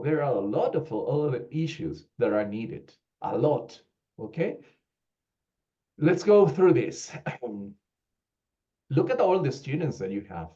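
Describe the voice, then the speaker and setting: A man, a teacher trainer from Peru, giving an animated online training talk full of rhetorical questions. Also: mid-range voice. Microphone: video call. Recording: slightly dull lo-fi online call audio.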